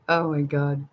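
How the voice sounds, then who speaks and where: An older woman talks to her livestream viewers in an easy, drawn-out way, taking her time between thoughts. She is gossipy and quick to giggle, and she answers the chat as if among friends. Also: low-pitched. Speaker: livestream host. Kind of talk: casual live chat with viewers.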